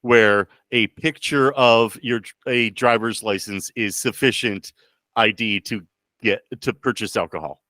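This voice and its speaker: A man's voice: on the low side, measured pace, bright, forceful tone, dry recording. A man co-hosting a podcast, asking wry questions in casual chat. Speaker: podcast co-host.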